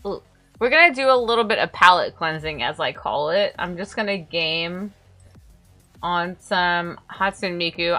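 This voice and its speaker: A bright, clear-toned woman talks slowly and unhurriedly through a casual livestream, her pitch leaping up and down as she giggles and rambles. She chats playfully to herself and her chat, with faint music sitting quietly behind her voice. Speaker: VTuber streamer.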